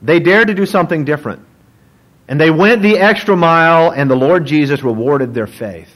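A man, a pastor, preaching a sermon in an animated, joking storytelling manner. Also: fairly high pitch, moderate pace, poor audio.

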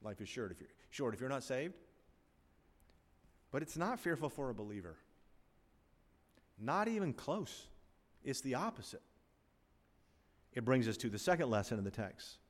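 An older man preaches in a church sanctuary, his voice neither high nor low. He is animated, swinging between loud emphatic lines and quiet asides. The sound trails off in the long reverb of a large hall. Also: moderate pace, long pauses. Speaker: pastor. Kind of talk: sermon.

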